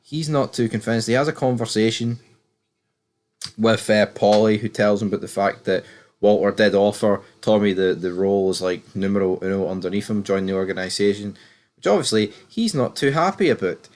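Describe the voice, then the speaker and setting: A man's voice: lowish voice, moderate pace, a little mellow. A British man giving a casual, rambling and opinionated recap of a TV episode, swearing freely as he goes. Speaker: TV series reviewer.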